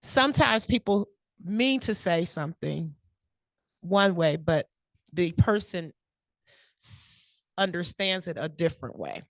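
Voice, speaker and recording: A woman's voice: on the low side, lively intonation, slow, long pauses, no room sound, studio quality. A woman hosting questions at a speaking club meeting, joking, teasing and often laughing. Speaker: table topics host at a speaking club meeting.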